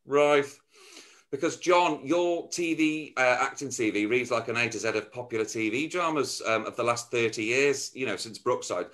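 A man's voice: mid-range voice, normal speed, a bit bright. A man hosting a casual remote interview over a video call, chatty and reading from his notes with plenty of ums. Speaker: interview host.

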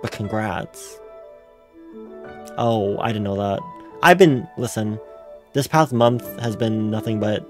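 A man's voice: fairly low pitch, slow pace, long pauses, faint music behind. A man streaming casually, rambling through offhand reactions. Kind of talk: casual chat.

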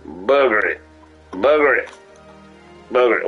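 Guy streaming a game, goofy and scattered, talks real slow. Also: mid-range voice, expressive, vocal fry, a bit bright, faint music behind, poor audio. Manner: rambling, distracted, goofy, talking to himself. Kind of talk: live gameplay stream chat.

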